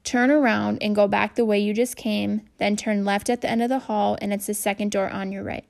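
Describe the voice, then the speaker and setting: A brisk, matter-of-fact teacher caught in a hallway, as a woman reading a children's novel voices her. The tone is plain with a slightly gravelly texture. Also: mid-range voice, steady tone, darkish tone, no echo, close to an everyday voice. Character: busy adult teacher giving directions, brisk.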